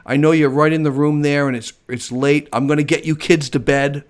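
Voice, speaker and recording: Chatty enthusiastic American host. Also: male voice, fairly high pitch, fairly even intonation, a little fast, clear, resonant tone. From United States. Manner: chatty, enthusiastic, laughs often. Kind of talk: casual live-stream chat.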